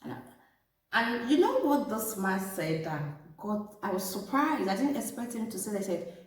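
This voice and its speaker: A woman vlogger telling a personal story and giving relationship advice straight to her viewers, animated and talking to them as "ladies". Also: medium pitch, normal speed. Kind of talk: casual storytelling to camera. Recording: echoey room, distant from mic.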